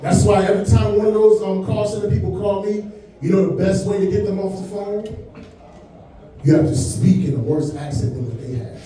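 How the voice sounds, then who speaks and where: On a comedy club stage, a comedian in his forties keeps things relaxed and conversational, sprinkling in "man" and "you know what I'm saying". His high voice is brisk with a dark tone, captured as echoey club sound from far off.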